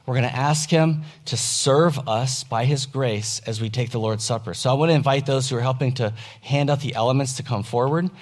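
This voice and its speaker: A man's voice: mid-range voice, a little mellow. A pastor preaching earnestly to his congregation during a church service, plain-spoken and emphatic. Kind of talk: sermon.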